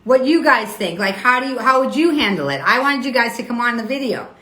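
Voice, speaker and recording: A woman's voice: on the high side, animated, fairly quick, sharp tone. A woman hosting her weekly live stream, arguing with viewers' comments in an indignant, repetitive way. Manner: indignant, argumentative, repeats herself. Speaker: host of a weekly live show. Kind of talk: Instagram live stream, reading and answering comments. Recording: echoey room.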